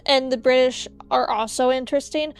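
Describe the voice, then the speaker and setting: High, smooth-voiced woman streamer. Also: fairly even intonation, fairly quick, soft background music. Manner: opinionated, ranting playfully. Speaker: VTuber streamer. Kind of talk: casual livestream chat.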